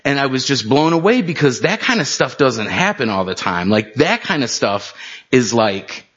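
A man's voice: mid-range voice, big pitch swings, normal speed, fairly bright tone, slightly rough, highs cut off. A middle-aged man preaching, telling family anecdotes in a casual, conversational way with plenty of fillers. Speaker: pastor. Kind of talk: storytelling sermon.

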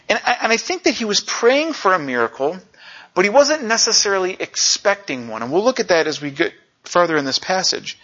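A middle-aged man preaching a conversational sermon, telling stories and acting out quotes with animated energy. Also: fairly high pitch, a little fast. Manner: animated storyteller, acts out quotes. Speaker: pastor. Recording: dull lo-fi recording.

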